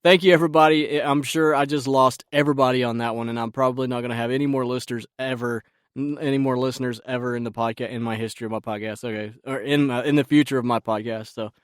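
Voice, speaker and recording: A man hosting a casual solo podcast, his voice croaky and stuffed up from sinus trouble, rambling and laughing at himself. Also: medium pitch, steady tone, fast, no room sound, clean studio sound. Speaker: podcast host.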